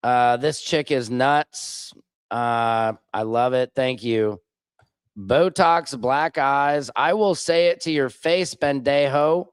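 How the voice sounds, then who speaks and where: A man's voice: mid-range voice, slow, clear, resonant tone, no room sound. A man hosting a live stream, reading viewer comments and answering them bluntly and sarcastically. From Missouri. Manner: blunt, sarcastic, reacts loudly to clips.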